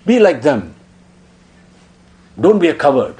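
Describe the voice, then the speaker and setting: A man voicing an elder king who gravely urges a boy to be courageous. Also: a little high, big pitch swings, slow pace, darkish tone, voice pushed up. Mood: exhorting. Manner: solemn, exhorting.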